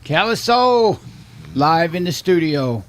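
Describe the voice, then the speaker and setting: A man with a notably high speaking voice hosts a live music talk show from the studio. He chats in a relaxed, drawling way, laughing easily with his guests. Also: slow, slight background noise. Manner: casual, laughing, drawling banter. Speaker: radio show host. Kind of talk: casual chat.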